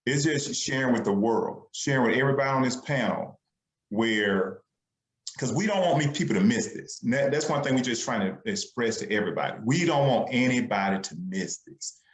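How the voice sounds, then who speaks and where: A man's voice: medium pitch, expressive, a little fast. A man giving a fervent motivational sales talk on a conference call, stacking repeated phrases. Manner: fervent, repetitive, builds up phrases. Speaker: speaker on a business call. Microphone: conference call line. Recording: echoey call audio.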